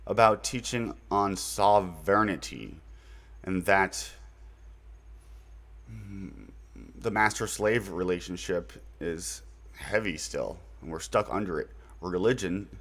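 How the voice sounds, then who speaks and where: A man's voice: low voice, a bit bright. A man hosting his own channel, talking through recommendations in a loose, rambling way with fillers and mild slang. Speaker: channel host introducing his website. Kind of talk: casual unscripted monologue.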